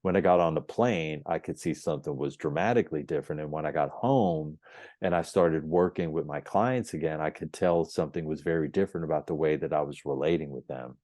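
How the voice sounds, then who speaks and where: A man on a podcast telling his story as the guest, animated, acting out the dialogue as he goes. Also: rumbling low, fairly quick, no room sound, clean studio sound. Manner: emphatic and repetitive phrasing. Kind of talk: storytelling in an interview.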